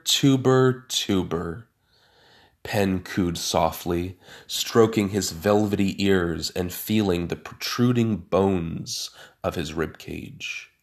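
Slow, low-voiced sardonic male storyteller. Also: creaky. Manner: dry, sardonic asides. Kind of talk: first-person story narration.

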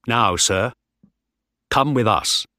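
A man's voice: mid-range voice, takes it slowly, sharp tone, no echo, studio quality. A man voicing a desperate ship officer who turns into a determined mutineer. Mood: commanding. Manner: tense, determined.

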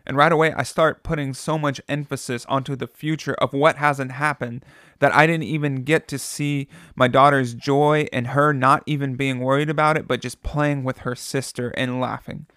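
A man's voice: medium pitch, fairly even intonation, moderate pace, a bit bright, no room sound, studio quality. A man in his thirties giving a sermon in an earnest, conversational way, often repeating phrases for emphasis. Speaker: pastor.

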